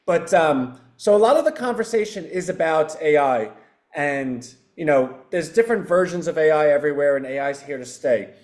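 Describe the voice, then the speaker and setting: A man's voice: on the high side, lively intonation, normal speed, a little mellow. A man who founded a company, explaining his AI product in a loose, rambling live-stream chat with self-deprecating asides.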